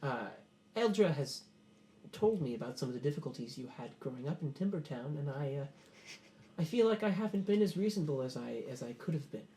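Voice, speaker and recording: A man's voice: a little high, animated, fairly quick, mellow, close to an everyday voice. A man voicing a fussy, scheming noble host who talks with polite, stammering courtesy. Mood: apologetic.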